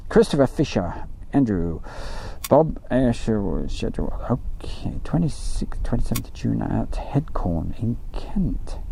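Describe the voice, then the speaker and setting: A man's voice: mid-range voice, sing-song, a little slow, vocal fry, warm tone, a little hiss or hum. A man hosting a casual live stream from outdoors by an airfield, chatty and joking as he reads out viewer messages.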